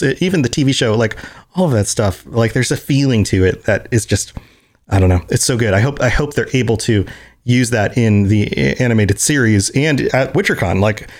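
A man co-hosting a live-streamed podcast, talking in an enthusiastic, rambling way with lots of restarts. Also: medium pitch. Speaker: podcast co-host. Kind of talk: casual chat.

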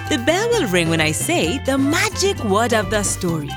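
A woman narrating a children's story in a gentle, expressive way, speaking directly to young listeners. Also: fairly high pitch, normal speed, music in the background.

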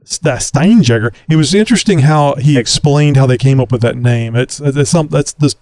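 A man co-hosts a podcast in casual conversation, rambling along with lots of fillers and restarts. His voice is medium-pitched and a bit mellow, moving at a moderate pace, and the recording is dry.

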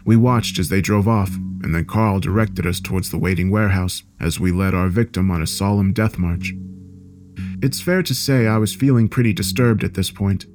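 A man with a low voice reads a horror story in a measured, dark storytelling manner. Faint music plays underneath. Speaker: narrator. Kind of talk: scripted horror story narration.

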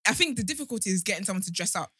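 A young woman, co-hosting a podcast and telling stories in quick-fire slang. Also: medium pitch, expressive, sharp tone, breathy edge, no room sound, clean studio sound. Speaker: podcast co-host. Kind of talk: casual chat.

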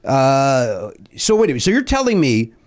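A man's voice: medium pitch, huge pitch swings, moderate pace. A man hosting a podcast in casual chat, joking around and swearing freely. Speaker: podcast host.

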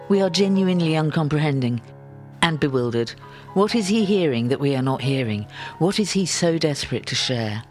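Brief: male narrator, mid pitch, wry memoir reading with lively storytelling. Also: moderate pace, faint music behind.

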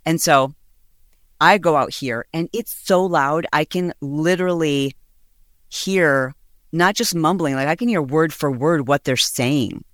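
A middle-aged woman hosting a podcast, chatting casually and acting out overheard quotes with big jumps in pitch. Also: measured pace, no echo, clean studio sound. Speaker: podcast host. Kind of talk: casual storytelling chat.

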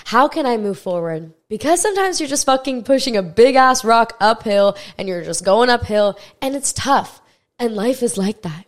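A young adult woman hosting a self-help podcast, talking straight to the listener in a frank, swearing, coaching way. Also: mid-range voice. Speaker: podcast host. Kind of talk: casual self-help monologue.

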